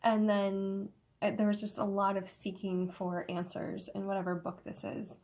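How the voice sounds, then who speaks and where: A woman giving a casual tarot reading, slightly hoarse, with halting speech full of fillers and soft laughs, in an indoor room. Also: medium pitch, completely flat delivery. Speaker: tarot reader. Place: indoor room with incense smoke.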